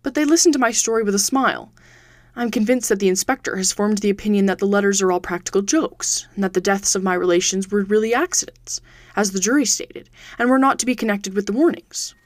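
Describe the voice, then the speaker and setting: A woman's voice: mid-range voice, quick pace, no echo, natural voice. A woman reading a frightened young man. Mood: anxious. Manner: earnest, anxious storytelling.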